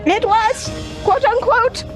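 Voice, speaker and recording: Lady doing a high piping old-timey news announcer, mock-formal, faint music behind. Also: slow pace. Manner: mock-formal newsreader delivery, dry asides. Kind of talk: comic recap in character.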